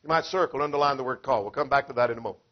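A man's voice: mid-range voice, rapid-fire. A man preaching an expository sermon, emphatic and driven by rhetorical questions, acting out the quoted voices. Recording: dull lo-fi sound.

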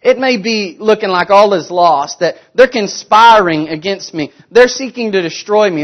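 A man preaching a sermon, asking rhetorical questions and swinging between emphatic, louder passages and hushed, quiet ones. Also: high-pitched, expressive, moderate pace, few pauses, dull audio.

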